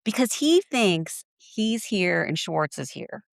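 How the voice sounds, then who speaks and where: A woman's voice: mid-range voice, big pitch swings, takes it slowly, vocal fry, no room sound, clean studio sound. A woman co-hosting a podcast in casual chat, laughing often and acting out what others said. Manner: chatty, laughs often, acts out quotes. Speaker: podcast co-host.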